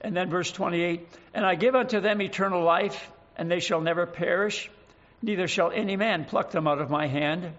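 A man preaching a sermon, earnest and emphatic, slowing down to stress scripture verses. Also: high-pitched, a bit bright, highs cut off.

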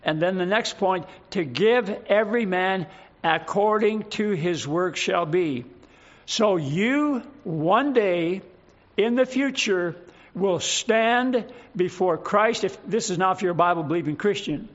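High-voiced pastor preaching slowly. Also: male voice, dull audio. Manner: prayerful, measured, reading scripture in King James wording. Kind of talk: sermon.

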